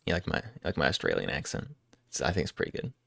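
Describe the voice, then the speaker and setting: A man's voice: extremely low pitch, wildly swooping pitch, quick pace, creaky, no room sound, studio quality. A man live-streaming, chatting casually and jokingly with his viewers as he answers their questions.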